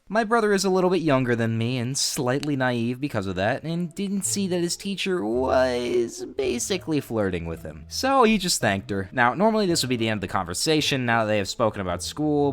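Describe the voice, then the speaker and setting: A man's voice: medium pitch, very animated, normal speed, few pauses. A young man hosting his own video channel, narrating a reaction video with dramatic, outraged exclamations. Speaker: YouTube host.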